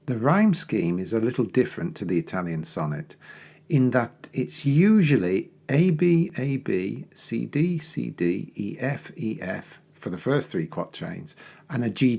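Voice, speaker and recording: A man giving a poetry lesson, explaining in a measured way and slowing down to recite verse. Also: fairly low pitch, gravelly, a little mellow, breathy edge. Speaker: teacher.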